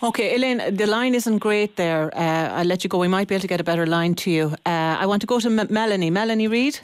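A woman's voice: medium pitch, fast talker, clear, resonant tone, no echo. A woman hosting a radio phone-in, questioning callers with stammered restarts.

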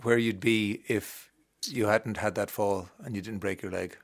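An Irish man hosting a radio interview show, chatty and quick to laugh, often restarting his sentences. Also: lowish voice, fairly even intonation, no room sound.

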